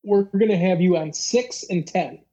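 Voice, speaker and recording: A podcast host tells a story loosely and casually at a moderate pace, rambling with lots of fillers and acting out the dialogue. The voice is mid-pitched, mellow and darker, and the recording sounds slightly dull and lo-fi.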